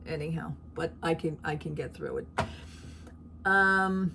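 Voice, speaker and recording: A woman's voice: low-pitched, huge pitch swings, a little slow, sharp tone, slight background noise. Chatty middle-aged woman vlogger. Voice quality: rambling, chatty, laughs at her own stories. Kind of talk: casual chat.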